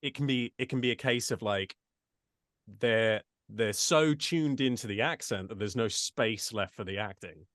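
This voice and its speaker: A man's voice: lowish voice, unhurried, a bit bright, no echo, studio quality. A man from the United States who speaks with an English accent, a voice actor chatting casually in an interview with many restarts and asides. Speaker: voice actor guest.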